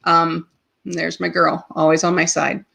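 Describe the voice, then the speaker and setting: Gravelly and on the low side, this podcast host's voice has little pitch movement, a sharp tone, and an unhurried pace. Sharing a personal story on her live show, she's open and emotional, full of ums and restarts, sometimes choking up and tearing up.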